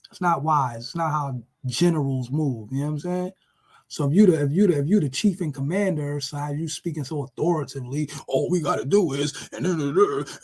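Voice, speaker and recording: High-voiced man on a mocking rant. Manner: animated, profane, repetitive, mocking. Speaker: vlogger. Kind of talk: casual profane rant.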